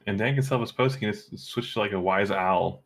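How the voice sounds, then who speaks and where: Deep-voiced man cracking playful jokes. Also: fairly quick. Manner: playful, joking. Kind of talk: casual gaming chat.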